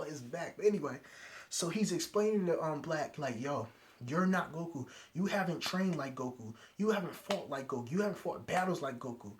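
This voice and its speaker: Excited young man recapping an episode. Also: a little high, moderate pace, slight background noise. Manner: animated, retells scenes with quoted lines and sound effects. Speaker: anime reviewer.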